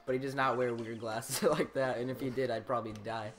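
A man's voice: medium pitch, steady tone, brisk. A young man giving casual, joking commentary while he plays a video game, laughing often. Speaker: let's play gamer.

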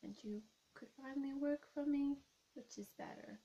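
This YouTube role-play creator's voice sits high with a dark tone and sounds natural, though the highs are cut off. Whispering as a scheming, seductive female plant villain, she teases flirtatiously, blows kisses and draws the listener in with slow, hypnotic coaxing.

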